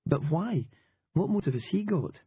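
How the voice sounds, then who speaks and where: A man's voice: fairly high pitch, expressive, slightly rough, dry recording, voice pushed up. A man doing a blunt Scottish newswoman. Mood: sardonic. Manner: blunt, profane, quick. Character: Scottish woman journalist, sharp and sardonic. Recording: dull lo-fi audiobook recording.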